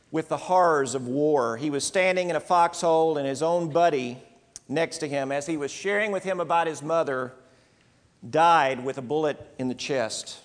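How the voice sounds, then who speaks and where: A man preaching a sermon, earnest and emphatic, in short phrases with pauses. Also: fairly high pitch, in a large hall.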